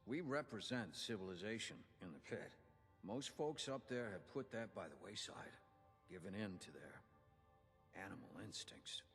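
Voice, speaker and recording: An actor voicing a gruff older man who is a union inventor and quartermaster, speaking in a folksy, theatrical way. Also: lowish voice, lively intonation, normal speed, a bit bright, long reverb tail, soft background music. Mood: earnest. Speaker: game character giving quest dialogue.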